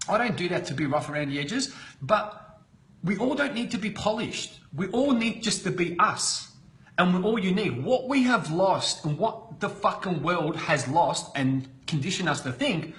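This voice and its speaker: A man giving an unscripted motivational talk on a live stream, blunt and excitable, swearing constantly. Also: high voice. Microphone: computer webcam.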